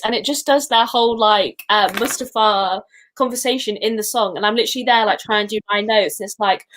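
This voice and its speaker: A woman's voice: on the high side, a bit bright. Gushing, emotional woman co-host. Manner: gushing, emotional, fast-rambling. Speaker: podcast co-host; teacher. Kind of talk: casual fan chat.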